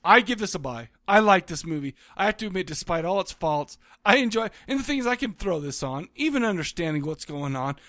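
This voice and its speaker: A man's voice: high voice, expressive, brisk, few pauses, a bit bright, no room sound, clean studio sound. A man co-hosting a podcast in casual chat, rambling and restarting his sentences, often laughing. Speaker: podcast co-host.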